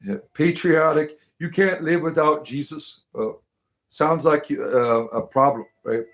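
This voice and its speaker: A man's voice: fairly high pitch, unhurried. A middle-aged man hosting a casual livestream, reading chat aloud and answering with sarcastic, mock-preachy remarks and frequent filler words.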